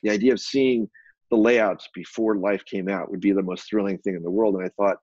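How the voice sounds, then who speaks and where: A man, a photographer and publisher, telling an animated anecdote as an interview guest, with many restarts. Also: fairly low pitch, brisk, husky, dry recording, dull audio. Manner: animated, acts out quoted dialogue, frequent restarts.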